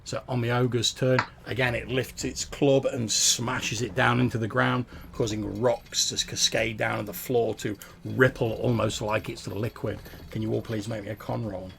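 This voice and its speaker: A man's voice: mid-range voice, little pitch movement, normal speed, creaky, few pauses, a bit bright. A man narrating a tabletop game as game master, describing the action with small hesitations.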